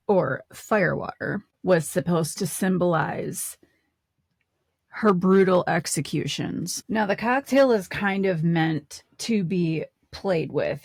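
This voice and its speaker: A woman's voice: medium pitch, vocal fry, darkish tone, no echo. A woman co-hosting a podcast in a casual, chatty way, laughing easily as she talks. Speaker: podcast co-host.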